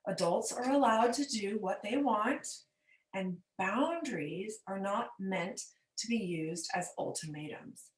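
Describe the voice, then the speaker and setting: A woman's voice: mid-range voice, measured pace, fairly bright tone. Patient woman coach in an echoey room. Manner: patient, explaining with everyday examples; checks in with "okay?". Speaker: forgiveness coach. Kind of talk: teaching monologue. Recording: roomy echo.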